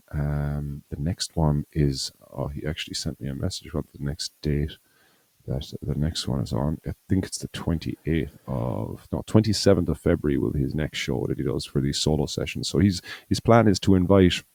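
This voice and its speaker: A very deep-voiced man rambles casually on a podcast, circling back with fillers and self-corrections. His tone is mellow and low. The sound is close and dry. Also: no room sound. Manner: rambling, full of fillers and restarts. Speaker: podcast co-host. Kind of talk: casual chat.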